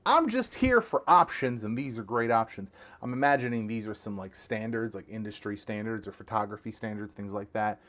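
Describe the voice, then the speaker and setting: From his small home studio, a young tech reviewer hosts a laid-back vlog for his channel. His voice is on the low side and brisk, and he speaks straight to viewers with excited, slang-filled energy.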